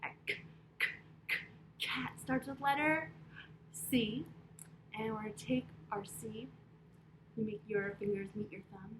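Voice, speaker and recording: A woman's voice: fairly high pitch, fairly even intonation, measured pace, long pauses, noisy background. A woman reading a picture book aloud to children, sing-song and encouraging, guiding them through yoga poses and sign language. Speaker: children's storyteller and yoga teacher. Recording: echoey room.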